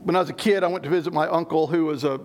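A man's voice: a little high, steady tone, rapid-fire. A middle-aged man preaching a sermon, explaining scripture emphatically and often restarting his sentences. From Southern United States. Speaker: pastor.

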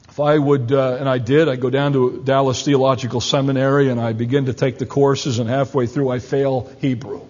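A man's voice: mid-range voice, level tone, normal speed, a little mellow. A man preaching a sermon as a pastor, speaking earnestly and with emphasis. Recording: long hall reverb, dull lo-fi sound.

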